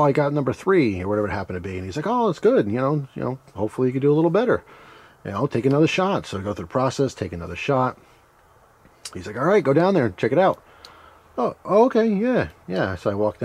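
A man's voice: medium pitch, darkish tone, slightly rough. A middle-aged man casually telling a rambling childhood story, laughing and acting out the voices he quotes. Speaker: knife channel host.

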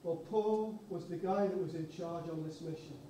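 A man's voice: on the high side, moderate pace, dark tone, slight background noise. A man preaching a sermon, telling a story and acting out the people in it. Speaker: pastor. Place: church hall. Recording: echoey church hall, mic far off.

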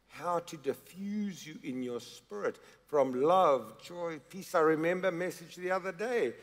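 A man preaching a sermon in a church, emphatic and dramatic, repeating phrases for effect. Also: on the high side. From South Africa. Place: large church hall. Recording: reverberant church hall.

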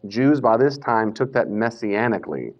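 Man giving a lively Bible lecture. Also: fairly low pitch, normal speed. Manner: animated, acts out quoted speakers, self-corrects. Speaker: Bible teacher. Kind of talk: casual classroom lecture. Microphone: Bluetooth mic that cuts out. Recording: dull lo-fi lecture recording.

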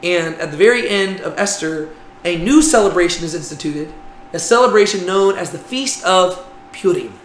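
A man teaches a laid-back Bible class at normal speed, his high voice animated. He talks conversationally and keeps asking "right?", while the room echoes and carries a little background noise.

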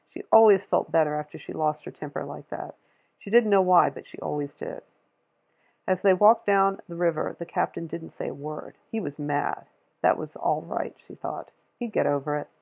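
A woman reading a novel aloud in a steady, measured way, with a gravelly, husky voice. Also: sits low. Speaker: audiobook reader.

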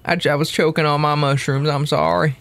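A man's voice: a little high, flat delivery, a little fast, gravelly, fairly bright tone, dry recording. A young man joking and teasing his friend as they play a party video game together. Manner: joking, teasing, breaks into silly put-on voices. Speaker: let's play host. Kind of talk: casual gaming banter. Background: game music.

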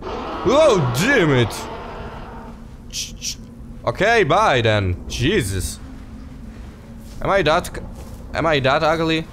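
Excitable let's player, very lively pitch, slow delivery. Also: male voice, a little hiss or hum. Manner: excitable, laughing, talks to viewers as guys. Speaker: gaming youtuber. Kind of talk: casual let's play commentary.

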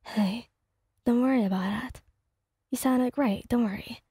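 A gentle, cheerful young man speaks softly and reassuringly in this role-play, as a woman plays him. The voice is mellow and breathy, high for a man, and dry. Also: measured pace, no room sound, heavily acted.

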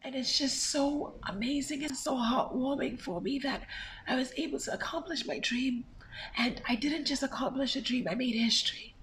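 A high-pitched woman speaking in a backstage interview, her voice hoarse and strained from losing it. She is the reigning pageant queen, and she talks with open emotion. A faint hiss of noise sits under her voice. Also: moderate pace, fairly bright tone, rough recording. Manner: emotional, heartfelt.

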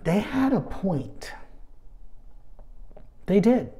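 Mellow-voiced man teaching a Bible study. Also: sits high, sing-song, extremely slow. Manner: chatty and anecdotal, with humorous asides.

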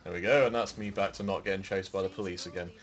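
A man's voice: low-pitched, fairly even intonation, quick pace, muffled recording. A young man co-hosting a casual gaming chat while playing, dry and casually profane. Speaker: gaming show co-host.

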